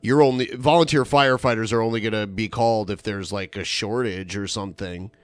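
A man's voice: fairly low pitch, fairly even intonation, fairly quick, no echo. A man co-hosting a podcast, skeptical and matter-of-fact. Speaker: podcast co-host. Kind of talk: casual chat.

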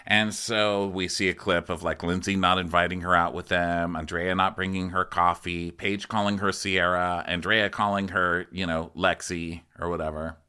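Bright-toned man recapping reality TV. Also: level tone, normal speed, hardly any pauses, clear, resonant tone. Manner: campy, acts out quotes in mocking high voices. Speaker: podcast co-host. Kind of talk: comedic recap chat.

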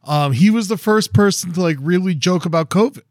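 A man's voice: sits high, fairly quick, a little mellow, no echo, clean studio sound. A man co-hosting a podcast in casual chat, rambling with many fillers. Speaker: podcast co-host.

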